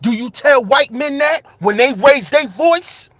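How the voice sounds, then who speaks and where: A man's voice: very high-pitched, expressive, unhurried, fairly bright tone, no echo. A man hosting his own channel, delivering an impassioned monologue with rhetorical questions and repeated phrases, raising his voice with passion. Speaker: commentary channel host.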